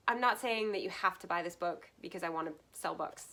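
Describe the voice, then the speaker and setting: A woman's voice: fairly low pitch, a little fast, few pauses, bright, forceful tone. A woman from the United States giving a casual vlog book review, earnest and heartfelt, laughing often between thoughts.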